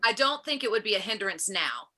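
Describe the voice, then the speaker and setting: Guest, woman, faint Southern accent, bright tone, reflective storyteller. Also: medium pitch, very animated, brisk. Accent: faint Southern American. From American South. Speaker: guest, former wrestler. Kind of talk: casual chat.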